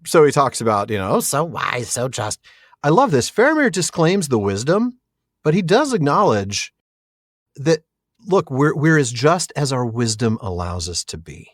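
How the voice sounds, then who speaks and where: A man's voice: medium pitch, sing-song, normal speed, no room sound, studio quality. A man co-hosting a podcast, discussing a book with enthusiasm and easy laughter. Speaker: podcast co-host.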